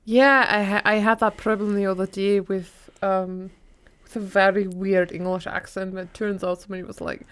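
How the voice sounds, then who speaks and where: A tipsy woman co-hosting a podcast, giggly, loud and playful, swearing in casual chat. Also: medium pitch, level tone, moderate pace, smooth. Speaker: podcast co-host.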